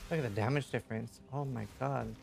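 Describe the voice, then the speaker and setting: A man's voice: medium pitch, steady tone, fast talker, gravelly, darkish tone, faint music behind. A male streamer playing a game live, exasperated and complaining as viewers sabotage him. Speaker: streamer and gamer. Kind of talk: casual live-stream play.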